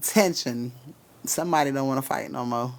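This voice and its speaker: A man's voice: mid-range voice, moderate pace, gravelly. A man giving spiritual readings on a casual live stream, cursing freely, laughing often and talking straight to his chat.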